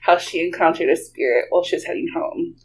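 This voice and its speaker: A woman's voice: on the low side, fast talker, a little hiss or hum, low-quality recording. Chatty woman, laughing storyteller. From Texas. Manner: animated, laughs often, many "like" fillers. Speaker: guest storyteller. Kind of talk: casual storytelling.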